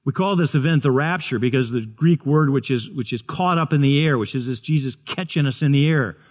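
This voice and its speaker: A man's voice: medium pitch, brisk. A man preaching a sermon, earnest, often repeating and restarting words. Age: 60s. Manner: earnest, stumbling restarts, builds to excited shouts. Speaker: pastor.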